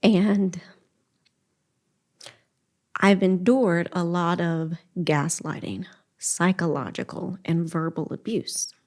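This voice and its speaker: A woman's voice: lowish voice, fairly even intonation, takes it slowly, long pauses, darkish tone. A middle-aged woman giving an earnest, emotional personal testimony as a podcast guest, speaking with faith and quoting her own prayers.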